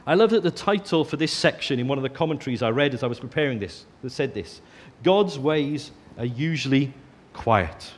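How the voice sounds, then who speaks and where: A man preaching a sermon, earnest, often dropping to a soft hush on key phrases. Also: mid-range voice, lively intonation, quick pace, hardly any pauses.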